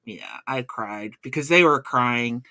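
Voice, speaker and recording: A woman co-hosting a casual live chat, relaxed and dry, sarcastic at times. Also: extremely low pitch, slow. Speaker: co-host of a live chat stream.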